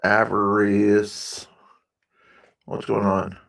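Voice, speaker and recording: A man's voice: fairly low pitch, completely flat delivery, extremely slow, vocal fry, a bit bright, no room sound. A man hosting a live stream, chatting casually about politics and his viewers in a rambling way, with many fillers and chuckles.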